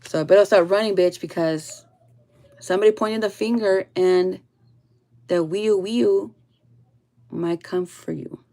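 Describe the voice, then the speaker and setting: A woman giving a casual spiritual reading to her viewers, blunt and full of swearing, often trailing off soft and low. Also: steady tone, moderate pace. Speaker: tarot reader.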